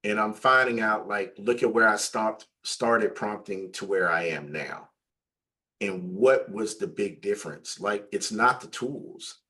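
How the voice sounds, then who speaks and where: A man talking casually in a conversation, animated and full of fillers. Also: on the low side, a little slow. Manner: animated storyteller, acts out quoted voices; loose, repetitive phrasing with many "like" fillers.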